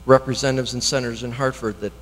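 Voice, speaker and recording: A man, an elected official, giving public comment at a town hearing, earnest and halting, often restarting his sentences. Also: mid-range voice, steady tone. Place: town meeting hall. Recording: long reverb in a meeting hall.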